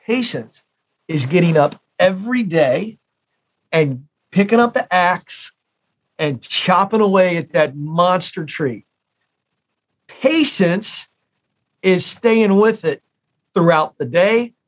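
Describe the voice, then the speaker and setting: Speaking slowly and pausing often, this American career expert in his forties has a high, expressive voice. He tells stories as an interview guest, stressing his points and repeating key phrases for effect.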